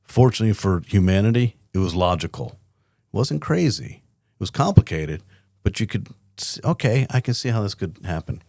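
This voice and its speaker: A middle-aged man with a low, deep voice tells his story as a podcast guest, lively and candid, blunt enough to swear. The sound is close and dry with no room around it. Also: fairly quick, dry recording. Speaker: company CEO guest.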